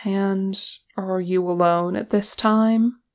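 A reader voicing a wary male elf with a dry sense of humor, who speaks in a measured, careful way. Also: mid-range voice, fairly even intonation.

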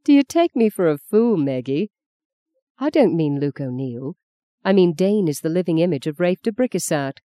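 Older mother, grim and blunt, dry irony, pitched a little high, close and dry sound, read by a woman. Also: very animated, normal speed, warm tone, no echo. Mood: ironic. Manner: dry, knowing, pointed.

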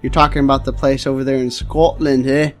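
A jokey, overplayed mock Scottish brogue, as a podcast host puts it on, boasting about nonsense in an ordinary mid-range voice. Faint guitar music plays underneath. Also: male voice, medium pitch, level tone, brisk, close to an everyday voice. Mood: boastful.

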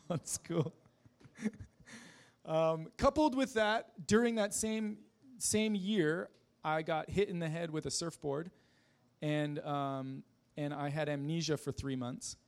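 A man giving a personal testimony in a casual, halting way, with many fillers, restarts and self-deprecating laughs. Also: fairly high pitch, gravelly.

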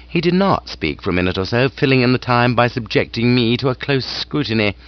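A man's voice: medium pitch, animated, brisk. A man narrating a comic novel in a wry, storytelling manner. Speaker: audiobook narrator. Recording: dull dry studio recording.

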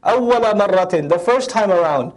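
Fast, high-voiced man teaching the Quran. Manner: animated, acts out voices of the verses; recites Arabic verses then translates. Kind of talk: Quran lecture.

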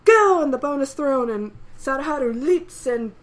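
A woman's voice: high-pitched, moderate pace. A young woman co-hosting a podcast, playfully recapping a manga scene and voicing its sound effects. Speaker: podcast co-host. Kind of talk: casual manga recap chat.

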